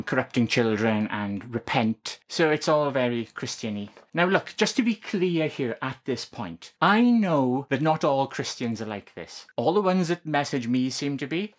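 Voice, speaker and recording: A woman vlogging to camera in a casual, sarcastic way, full of joking asides. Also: extremely low pitch.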